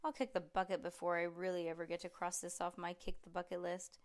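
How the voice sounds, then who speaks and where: A woman's voice: on the low side, flat delivery, brisk, voice pushed down, natural voice. A woman voicing an eager, chatty young schoolgirl in a storybook reading. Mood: excited.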